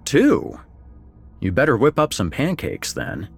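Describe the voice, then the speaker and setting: A middle-aged man narrating a first-person story, expressive and wry, voicing the dialogue. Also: deep voice, a little slow. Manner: expressive, swings between wry and somber. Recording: faint background music.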